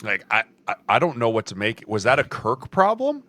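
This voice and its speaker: A man's voice: medium pitch, huge pitch swings, fairly quick, sharp tone, dry recording. A man co-hosting a football podcast in casual, conversational chat. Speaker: podcast co-host.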